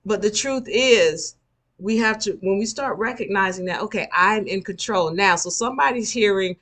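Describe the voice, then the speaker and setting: A woman's voice: medium pitch, normal speed, a bit bright. A woman giving a live spiritual lecture, emphatic and repeating her key points for the listeners. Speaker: spiritual teacher.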